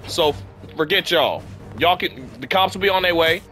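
A man's voice: fairly high pitch, moderate pace, sharp tone, faint music behind. A young man, sick and a bit worn in the voice, ranting in exasperation as he comments on a game he is playing. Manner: ranting, exasperated, heavy use of "freaking". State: sick, voice affected. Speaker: gaming YouTuber. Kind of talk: casual gameplay commentary.

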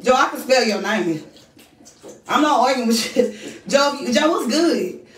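This woman's voice is a little high, animated and unhurried as she hosts a casual home livestream, chatting directly to her audience and reading out their comments. The echoey room puts her at a distance, and there's a little hiss or hum.

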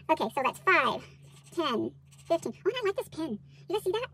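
A woman's voice: very high voice, a little fast. A woman hosting a budgeting vlog, chatting casually with many fillers while counting out cash. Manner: bubbly excited exclamations.

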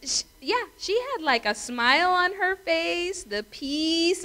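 A woman's voice: extremely high pitch, expressive, slow pace, sharp tone, low-quality recording. Middle-aged female pastor, conversational sermon, storytelling, acts out voices. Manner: chatty storytelling, asks the congregation questions; acts out voices and laughs in her stories.

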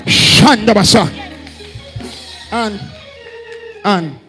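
A Jamaican man leading a fiery Pentecostal service, shouting repeated calls to the congregation. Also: high-pitched, very slow, soft background music, rough recording. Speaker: apostle leading a church service. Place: church hall during a live service.

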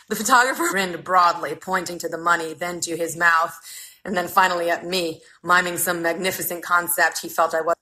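Woman reading with a bright, wry edge. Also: fairly low pitch, steady tone, a little fast, rough recording. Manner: wry, dry comic delivery. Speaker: reader. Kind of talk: live reading of a humorous memoir. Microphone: phone mic.

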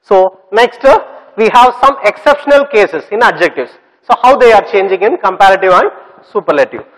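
A male teacher with a notably high voice explains grammar rules slowly and repetitively. He spells words letter by letter and keeps quizzing his class. His voice rings with a long echo, as if in a large reverberant room. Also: lively intonation, a bit bright. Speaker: English teacher.

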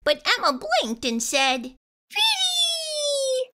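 Reading a picture book for children, a woman uses a high voice and a slow pace, telling the story expressively.

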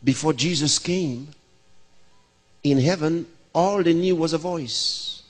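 A pastor in his sixties preaches a sermon, posing questions and answering them himself. His voice is fairly high-pitched and slow, and the recording carries the long reverb of a large hall.

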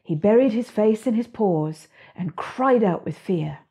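A woman, the author, reading her own children's book aloud in a gentle, expressive storytelling voice. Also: mid-range voice, a little slow, husky.

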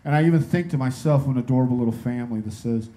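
A male stand-up comedian telling a story on a comedy club stage in an incredulous, lively way. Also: mid-range voice, rapid-fire.

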